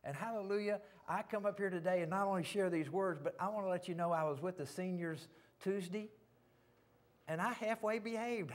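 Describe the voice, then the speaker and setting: A man with a Southern US accent preaching a sermon in a church, folksy and fervent, often saying hallelujah and amen. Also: high-pitched. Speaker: pastor. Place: church sanctuary.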